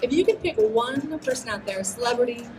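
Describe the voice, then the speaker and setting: Quick upbeat woman hosting, far off. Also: a little high, animated. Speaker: stage host interviewer. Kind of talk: live stage interview. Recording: distant mic with loud music behind. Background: music.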